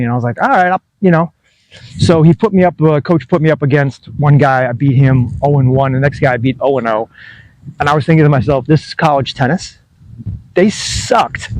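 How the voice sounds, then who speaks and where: A man's voice: a little high, a little mellow, dry recording, dull audio. Chatty fifty-something man, dry sound. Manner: rambling, self-deprecating, chuckles often. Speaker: tennis vlogger. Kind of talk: casual storytelling to camera.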